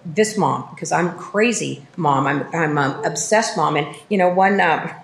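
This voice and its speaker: A middle-aged woman telling her recovery story at a meeting, self-mocking and lively, full of fillers and restarts. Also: sits low, measured pace, gravelly, echoey room. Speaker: speaker sharing at a recovery meeting. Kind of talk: personal recovery testimony.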